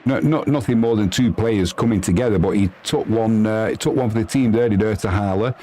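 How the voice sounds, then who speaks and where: A man doing chatty live football commentary, reading out viewer messages and yelping with excitement at goals. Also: a little fast, slight background noise. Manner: chatty and excitable, bursting into high yelps at goals.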